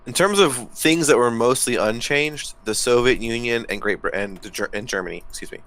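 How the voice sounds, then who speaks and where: A man's voice: mid-range voice, a little fast, a bit bright, rough recording. A man giving casual, profane commentary while playing a strategy game with a friend. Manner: loose, profane, easily laughing. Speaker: let's play co-host.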